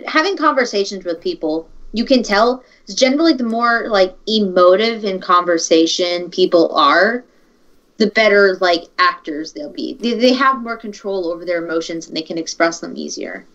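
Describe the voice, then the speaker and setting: A woman chatting on a livestream, calmly explaining her view with many fillers. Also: medium pitch, moderate pace. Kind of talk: casual livestream chat. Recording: slightly dull mic.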